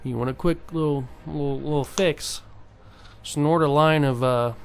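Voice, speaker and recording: A man's voice: on the high side, fairly even intonation, a little slow, vocal fry, a little hiss or hum. A young man talking casually and earnestly to his viewers, rambling with many fillers and restarts. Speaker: vlogger. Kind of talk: casual motivational monologue.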